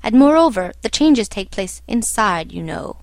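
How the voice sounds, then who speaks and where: A woman reading the lines of a calm, imperturbable little old doctor in a storybook, matter-of-fact in tone. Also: on the high side, moderate pace, dry recording. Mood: calm, clinical.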